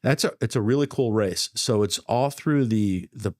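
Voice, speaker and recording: A middle-aged man, a guest athlete, speaking in a measured, self-deprecating way. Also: lowish voice, a little mellow, dry recording, clean studio sound. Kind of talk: casual interview talk.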